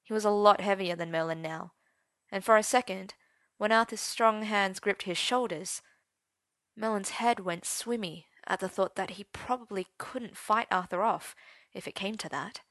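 A woman's voice: mid-range voice, normal speed, a bit bright, dry recording. A woman narrating a story aloud in an intimate, dramatic reading. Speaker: story reader.

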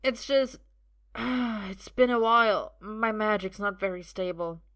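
Storybook role: woman reader doing a worn-out young male sorcerer, bright tone, dry humor, gritted-teeth stubbornness. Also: medium pitch, steady tone, takes it slowly, voice pushed up. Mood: weak wry. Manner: joking and strained, a little breathless. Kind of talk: audiobook reading.

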